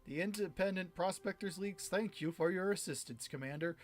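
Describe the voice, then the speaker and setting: A man voicing a gruff male leader of miners in a game, reading his lines in a put-on accent, angry and bent on payback. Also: sits high, a little fast, soft background music, voice pushed up, lightly acted. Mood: grim, vengeful. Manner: put-on accent, spitting anger at the enemy.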